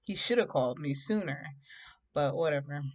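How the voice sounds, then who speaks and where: A young woman vlogger telling a storytime tale, chatty and animated. She speaks in a slightly low voice and acts out the quotes. She laughs along as she goes. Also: moderate pace. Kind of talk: casual storytime.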